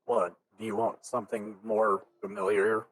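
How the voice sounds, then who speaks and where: Woman through a voice changer, deadpan. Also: a bass voice, moderate pace. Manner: deadpan, meme-y one-word replies. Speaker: voice chat guest. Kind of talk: casual gaming chat.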